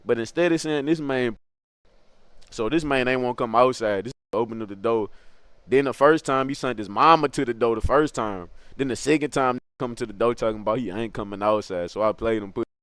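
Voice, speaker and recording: A man's voice: medium pitch, fairly quick, fairly bright tone, clean tone, dry recording, clean studio sound. Rambling, slangy male storyteller. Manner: slangy, rambling, laughs at his own story. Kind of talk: casual comedic storytelling.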